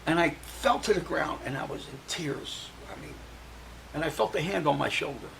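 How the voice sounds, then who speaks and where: Older man, guest on radio talk show, emotional storytelling, gravelly voice, halting, repetitive. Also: on the high side, noisy background. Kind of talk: personal storytelling in a radio interview.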